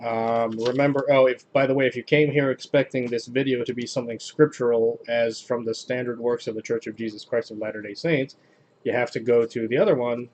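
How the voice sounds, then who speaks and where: A man hosting a casual video where he reads jokes aloud in a flat, deadpan delivery. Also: mid-range voice, fairly quick, a little hiss or hum. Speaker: host reading jokes on video. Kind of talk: casual joke reading.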